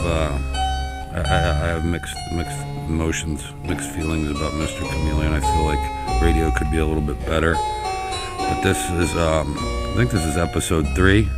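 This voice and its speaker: A man casually introducing an old radio episode, hesitant and rambling. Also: extremely low pitch. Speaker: podcast host.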